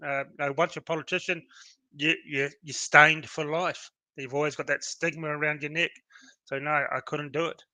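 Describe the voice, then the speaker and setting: An Australian man co-hosts a relaxed live-stream chat, blunt and jokey and quick to curse. His voice sits a little above the usual male range and has a very bright, sharp, forceful edge. The sound is dry and close, with no room around it. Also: on the high side, no echo. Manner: blunt, joking, swears, laughs easily. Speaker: co-host.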